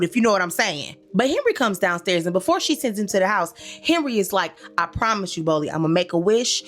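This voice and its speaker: A woman's voice: medium pitch, a little fast, hardly any pauses, soft background music. A woman hosting a comedic recap commentary, sassy and slangy, talking straight to her listeners and scolding the characters. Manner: animated, sassy, talks back to characters in quoted asides; slangy, addresses listeners as y'all.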